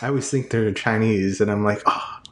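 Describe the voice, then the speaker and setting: A man's voice: fairly low pitch, a little fast, echoey room, slight background noise. A young man chatting casually with a friend, rambling and hesitant with lots of fillers. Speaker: friend in conversation. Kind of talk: casual chat.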